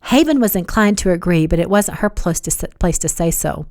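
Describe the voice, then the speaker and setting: A woman reading her novel aloud as audiobook narration, evenly and measured. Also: lowish voice, lively intonation, a little mellow, dry recording, studio quality.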